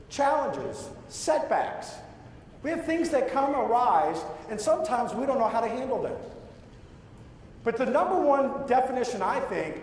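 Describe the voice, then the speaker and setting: A man's voice: high-pitched, darkish tone, slight background noise. A man giving a motivational keynote speech to a live audience, telling a story and asking the crowd questions. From Louisiana. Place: large hall with audience. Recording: echoey hall, from far off.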